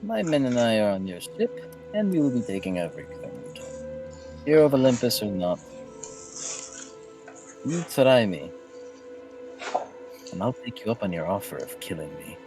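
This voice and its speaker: Brief: man doing a smug Middle Eastern-accented golden warrior villain, low and hushed, calm threats. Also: normal speed, pauses often, over music. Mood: coolly menacing. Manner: calm, mocking, softly threatening. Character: smug menacing golden-armored male Greek warrior. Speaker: villain on a walkie-talkie.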